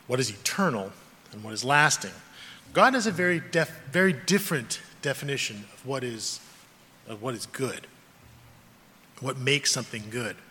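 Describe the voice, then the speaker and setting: Bright-voiced male preacher in a hall. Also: medium pitch, animated, moderate pace, pauses often, slight background noise. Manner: earnest, emphatic preaching with rising and falling stress. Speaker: pastor. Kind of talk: sermon. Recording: long reverb of a large hall.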